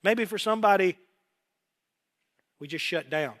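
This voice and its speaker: A middle-aged man preaching a sermon as pastor, animated, acting out voices and quotes as he goes. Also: sits high, normal speed. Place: worship hall.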